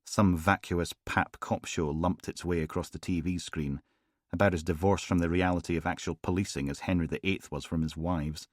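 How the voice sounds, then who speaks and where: Brief: a very deep male voice, measured audiobook narration, close dry studio mic. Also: fairly even intonation, no echo. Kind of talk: scripted narration.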